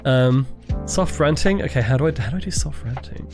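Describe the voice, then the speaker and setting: A man's voice: medium pitch, animated, fairly quick, darkish tone, soft background music. A British man hosting a casual livestream, rambling, restarting his sentences and swearing freely into a desk microphone. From Britain. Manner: rambling, self-interrupting, swears and laughs easily. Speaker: livestream host.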